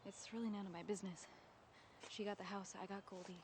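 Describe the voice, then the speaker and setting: A woman's voice: medium pitch, steady tone, darkish tone, a little hiss or hum, close to an everyday voice. Actress playing a wry young woman after a breakup. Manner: wry, halting, defensive. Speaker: lead character in a short film. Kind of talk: naturalistic film acting.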